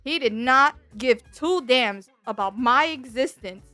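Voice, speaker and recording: A woman VTuber telling a casual storytime with animated, exaggerated delivery and acted-out quotes. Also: high-pitched, a little slow, dry recording, soft background music. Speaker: VTuber streamer.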